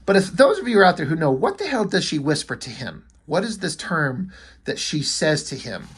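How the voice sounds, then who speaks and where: A man's voice: on the high side, sing-song, normal speed, a bit bright, husky. A man recapping and reviewing a comic book in casual talk, enthusiastic and blunt, swearing now and then.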